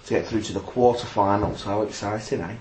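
A man's voice: lowish voice, a little fast, darkish tone. A man, hosting a casual podcast and reading out facts with a teasing edge. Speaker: podcast host. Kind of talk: casual chat. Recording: roomy echo, faint hiss.

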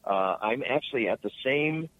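A man's voice: mid-range voice, lively intonation, moderate pace, no echo. Man talking over a tinny phone line. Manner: rambling, many restarts and fillers. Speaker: radio host guest. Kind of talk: casual chat.

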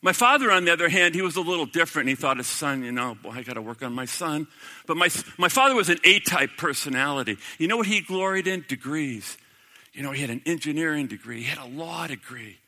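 A middle-aged man preaching a sermon, building to impassioned peaks and dropping to hushed, quiet passages. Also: fairly high pitch, expressive, fast talker. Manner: impassioned, swelling to emphatic peaks then dropping to hushed quotes. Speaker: pastor.

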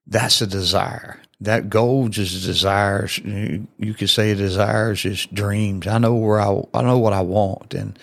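A man preaches earnestly in a podcast, his voice low, gravelly and fairly flat. He talks in a folksy, repetitive way, full of fillers. The sound is dry and close. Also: dry recording. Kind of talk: sermon-style podcast talk.

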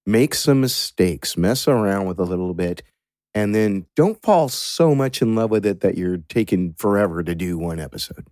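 A sound designer giving relaxed, candid advice in an interview answer. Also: male voice, lowish voice, normal speed, no room sound, studio quality.

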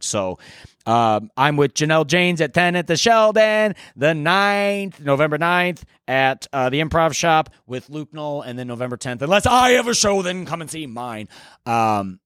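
A young man hosting a solo podcast, chatting in a rambling, profane, excitable way. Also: a little high, moderate pace, clean tone, no echo, studio quality. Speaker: podcast host. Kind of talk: casual solo podcast chat.

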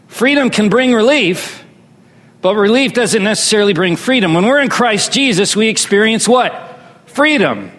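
A man's voice: high voice, lively intonation, moderate pace, a bit bright. A man preaching a sermon as pastor, drawing his congregation into call-and-response. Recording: long reverb hall.

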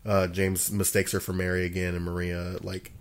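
Very deep-voiced man in casual chat. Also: monotone. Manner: halting, repeats words, swears casually. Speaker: podcast co-host.

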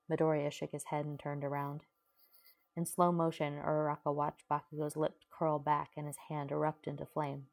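A woman reading fan fiction aloud in steady narration. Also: sits low, moderate pace, gravelly. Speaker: reader. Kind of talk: audiobook-style fanfiction reading.

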